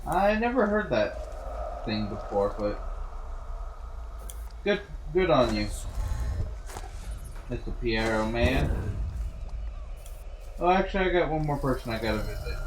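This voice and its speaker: Slow-talking joking male streamer. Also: mid-range voice, sing-song, background noise. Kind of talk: casual gameplay commentary. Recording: echoey room with game music.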